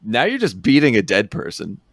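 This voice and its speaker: A man's voice: mid-range voice, huge pitch swings, normal speed, dry recording, clean studio sound. A man co-hosting a podcast, rambling through a film recap in casual chat, laughing often.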